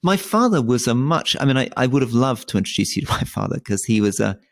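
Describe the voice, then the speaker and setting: A man's voice: mid-range voice, big pitch swings, fast talker. A man in his forties from Britain, co-hosting a casual conversation and often stammering and restarting his words. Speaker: podcast co-host.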